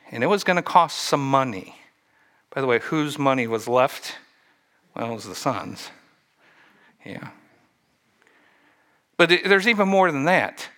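A man's voice: mid-range voice, sharp tone. A man preaching a sermon, retelling a story and asking the listeners questions along the way. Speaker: pastor.

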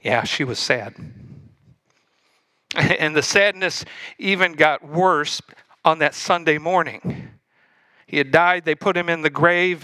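Animated guy preaching a sermon, bright forceful voice, dry close sound. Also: fairly high pitch, no room sound. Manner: animated, speaks straight to the congregation. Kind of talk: sermon storytelling.

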